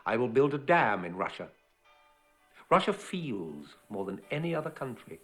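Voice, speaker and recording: Film voice-over: an ecstatic, tormented young dancer losing his mind, mid-pitched, whispering with wide swings of pitch. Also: big pitch swings, moderate pace, soft background music. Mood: fervent. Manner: hushed, often whispered, breaking into far-off shouts.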